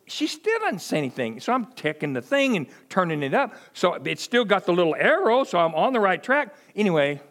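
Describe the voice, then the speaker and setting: Male preacher, middle-aged, high and very lively delivery, folksy storytelling sermon. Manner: animated storytelling, acts out quoted voices, chuckles often. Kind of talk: conversational sermon.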